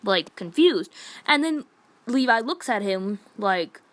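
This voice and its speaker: A woman's voice: mid-range voice, animated, slow, a bit bright, dry recording. Rambling woman ranting about a comic. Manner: rambling retelling, heavy use of "like"; exasperated and indignant. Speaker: manga reviewer. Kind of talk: casual review rant.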